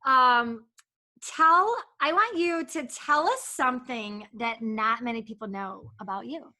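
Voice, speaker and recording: A woman with a bright, fairly high voice, hosting a casual interview on a video call. She keeps it upbeat and nudges her guest along with questions. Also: unhurried. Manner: upbeat and encouraging, prompting the guest. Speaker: interviewer host.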